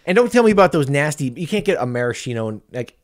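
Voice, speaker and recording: A man's voice: on the high side, sing-song, quick pace. A man hosting a casual podcast chat, joking and laughing at his own lines. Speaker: podcast host.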